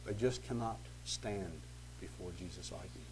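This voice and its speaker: A man's voice: low-pitched, normal speed, background noise. A man teaching through scripture verse by verse, reading passages aloud and then commenting in a conversational, emphatic way with rhetorical questions. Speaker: Bible teacher.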